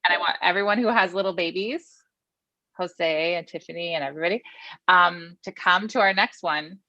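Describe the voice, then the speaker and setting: A woman's voice: lowish voice, normal speed, bright, forceful tone, no echo, muffled recording. A woman from the library staff giving a chatty, upbeat report to a meeting over a video call.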